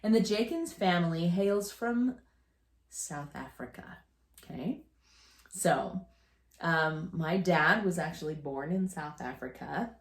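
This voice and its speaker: A woman's voice: on the low side, lively intonation, takes it slowly. Chatty woman telling stories in an echoey room. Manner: chatty, rambling storyteller with restarts and laughter. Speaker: podcast co-host telling family stories. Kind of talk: casual chat.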